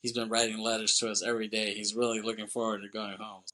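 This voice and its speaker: A man's voice: lowish voice, completely flat delivery, bright, forceful tone, low-quality recording. A young man on a podcast, casually retelling a movie plot in a rambling way and briefly voicing the characters. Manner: rambling retelling, quoting characters with quick voice shifts. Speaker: podcast co-host.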